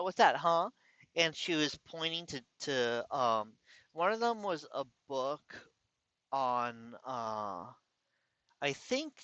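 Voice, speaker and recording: A man earnestly recounting a painful personal story, incredulous and halting, often restarting his sentences. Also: fairly high pitch, bright, forceful tone, dry recording. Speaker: vlogger. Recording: slightly dull lo-fi recording.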